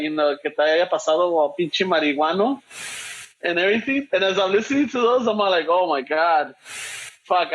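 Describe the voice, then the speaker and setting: A man with a Chicano English accent, joking around with a friend on a podcast. His voice sits high, and the recording sounds slightly muffled and lo-fi. He code-switches between English and Spanish and curses freely. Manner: loose, laughing, code-switching banter with cursing. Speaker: podcast co-host. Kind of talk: casual chat.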